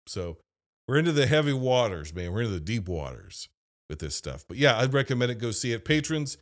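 A man's voice: mid-range voice, big pitch swings, fairly quick. A man hosting a podcast, giving a casual, opinionated movie review, blunt and rambling, with fillers and asides. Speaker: podcast host and film reviewer.

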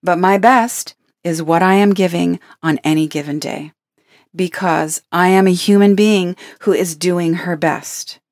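A woman's voice: lowish voice, steady tone, unhurried, a little mellow, dry recording, studio quality. A woman giving a reflective spiritual self-help talk, earnest and playful, laughing now and then between her points.

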